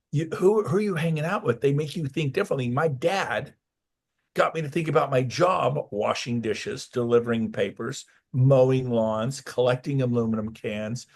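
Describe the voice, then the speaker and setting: Animated man telling a story. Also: medium pitch. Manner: animated storyteller acting out quoted voices. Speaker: real estate coach, guest. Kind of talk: storytelling in a casual interview.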